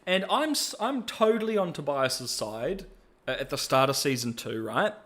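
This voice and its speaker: A man's voice: on the high side, sing-song, moderate pace, a bit bright. A male podcast host chatting casually, rambling and self-deprecating, laughing often. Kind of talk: casual commentary.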